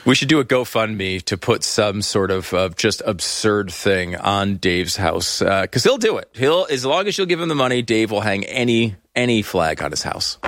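Man, podcast host, sarcastic, laughs a lot, lively pitch, dry sound. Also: normal speed, few pauses, dry recording. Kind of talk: casual political comedy chat.

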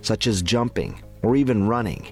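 A male health podcast host reads a scripted explainer in a clear, even, informative tone. Soft music sits faintly under his voice. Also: fairly low pitch, moderate pace. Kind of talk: scripted narration.

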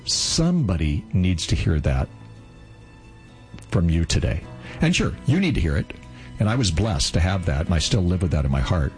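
A man in his sixties, co-host of a radio talk show, telling a heartfelt personal story in an earnest, lively way. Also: low-pitched, normal speed, soft background music, poor audio. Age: 60s.

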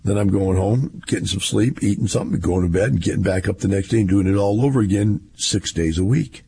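A man's voice: fairly low pitch, a little fast, warm tone, slight background noise. A man, rambling through a casual monologue in a folksy storytelling way.

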